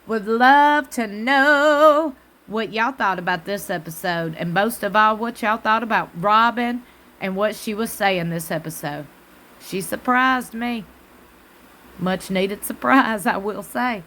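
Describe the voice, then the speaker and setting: A woman's voice: medium pitch, takes it slowly, fairly bright tone. A woman with a Southern US accent giving a sassy, casual recap of a reality TV show. She talks back to the screen and adds preacher-like asides. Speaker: TV recap host.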